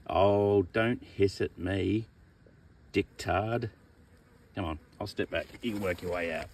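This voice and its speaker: A man's voice: on the low side, unhurried, darkish tone, a little hiss or hum. An Australian man chatting casually outdoors as he releases a snake, teasing it in a laid-back way. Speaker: snake catcher. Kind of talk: casual outdoor vlog narration. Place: outdoors among bushes.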